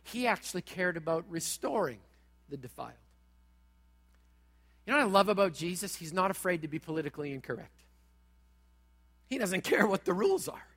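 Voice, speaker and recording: A pastor preaching a sermon in a church, talking straight at the congregation in a dramatic way. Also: male voice, high voice, sing-song, a little fast, pauses often, a bit bright, big-room sound. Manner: dramatic, direct, acts out quoted voices.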